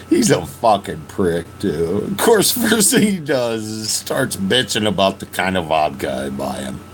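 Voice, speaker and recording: Slow, halting man in his fifties. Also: low voice, sing-song, a little hiss or hum, low-quality recording. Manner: profane, halting, with frequent restarts. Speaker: podcast host. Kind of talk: emotional personal storytelling.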